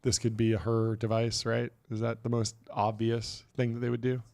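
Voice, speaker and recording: A man's voice: mid-range voice, completely flat delivery, moderate pace, gravelly, darkish tone. Man hosting a tech news show. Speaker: podcast host. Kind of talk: casual news commentary, reading quotes aloud.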